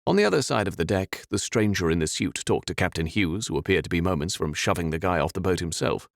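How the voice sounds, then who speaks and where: Male narrator, very deep, animated delivery, dramatic fantasy reading. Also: fast, vocal fry, dry recording, studio quality. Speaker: audiobook narrator.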